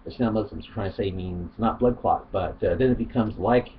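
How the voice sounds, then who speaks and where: A man's voice: on the low side, fairly quick. A man casually reading from his own writing, rambling and hesitant with many fillers. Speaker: video author. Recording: dull lo-fi home recording, faint noise.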